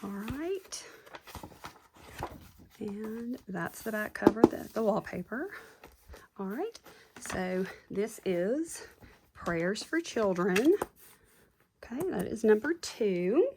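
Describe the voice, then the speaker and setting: In a casual show-and-tell, a craft seller gushes over her handmade junk journals for her viewers. She speaks at a medium pitch, very animated yet slow, with long pauses, in a very noisy setting.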